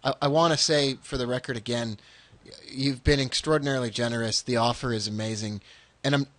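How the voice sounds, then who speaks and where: An excitable man hosts an online webinar, stumbling over repeated words as he rushes to praise and promote. His voice sits in a middling pitch, and the sound is dry and close. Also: dry recording. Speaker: webinar host. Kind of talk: casual promotional chat.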